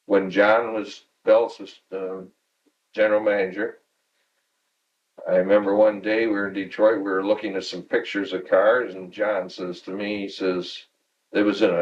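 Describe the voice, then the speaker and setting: A man's voice: lowish voice, creaky, far from the mic, lo-fi sound, slight background noise. A man in his sixties from Michigan, recalling workplace anecdotes at home in an oral history interview, chuckling and acting out quoted dialogue. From Michigan, USA. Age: 60s. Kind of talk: storytelling reminiscence.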